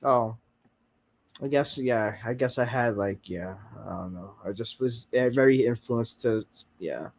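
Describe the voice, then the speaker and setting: A man's voice: medium pitch, a little slow. A man hosting a casual podcast, answering hesitantly and trailing off into mumbles. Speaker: podcast host. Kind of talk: casual chat.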